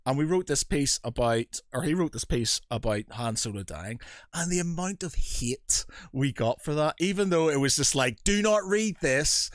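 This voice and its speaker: A man hosting a casual podcast, telling stories in an animated way and acting out quotes with big jumps in his voice. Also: medium pitch, moderate pace, no room sound, studio quality. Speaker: podcast host.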